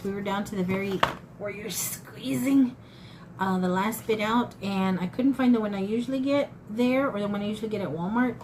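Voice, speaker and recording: A woman's voice: medium pitch, darkish tone, poor audio. Fifty-something woman, casual talkative haul vlogger, folksy, faint noise behind. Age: 50s. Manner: chatty, folksy, addresses viewers as y'all. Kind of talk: casual haul chat to camera.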